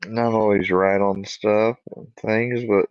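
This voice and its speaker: A man rambling and cursing as he talks casually to his dog, with halting restarts, on a dull lo-fi recording. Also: fairly low pitch, level tone, dry recording.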